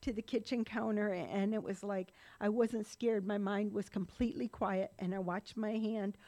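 A woman's voice: mid-range voice, steady tone, moderate pace, mellow. Rambling woman telling her recovery story. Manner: rambling, run-on storytelling with frequent laughs and asides. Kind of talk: personal testimony talk.

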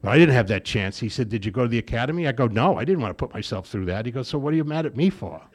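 A man's voice: mid-range voice, animated, very fast. A man giving a personal testimony to a recovery group, telling his story with humor and acting out the dialogue. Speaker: recovery meeting speaker.

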